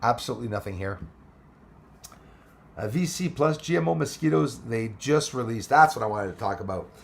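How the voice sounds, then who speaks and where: With a creaky, expressive voice of medium pitch at normal speed, a man runs a relaxed livestream, rambling while he reads comments aloud and thanks people by name. Slight background noise is audible.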